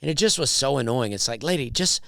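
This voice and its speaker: A man with a smooth baritone, a comedian and podcast host telling a rambling story in casual chat with wry asides. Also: expressive, fast talker, bright, forceful tone, dry recording, studio quality.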